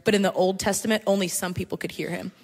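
A woman's voice: mid-range voice, steady tone, vocal fry. A woman on a panel giving casual encouragement about faith in a playful, chatty way. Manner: playful and chatty, quick to laugh. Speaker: panel guest. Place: large hall at a live church gathering. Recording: long hall reverb.

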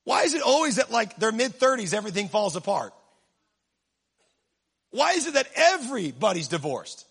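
High, husky-voiced male preacher. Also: moderate pace, pauses often. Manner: animated, swings from low asides to shouting, humorous. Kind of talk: sermon.

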